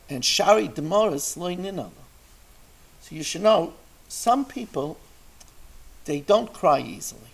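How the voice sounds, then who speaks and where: A rabbi telling a story in a Torah class, acting out the people in it with lively shifts of voice. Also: male voice, high-pitched, a little slow, gravelly, pauses often, poor audio.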